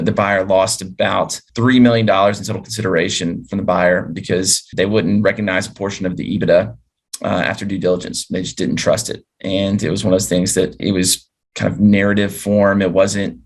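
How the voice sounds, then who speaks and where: A man's voice: low voice, vocal fry, husky. A man presenting a business training webinar as an advisor, explaining in a conversational way through client stories.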